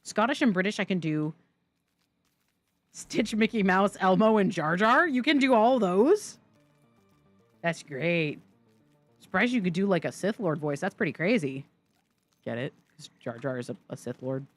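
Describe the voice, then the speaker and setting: A woman's voice: fairly low pitch, expressive, unhurried, long pauses, soft background music. A woman streaming live gameplay, chatting and joking with her viewers as she plays. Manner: chatty, jokey, talks to chat. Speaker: game streamer.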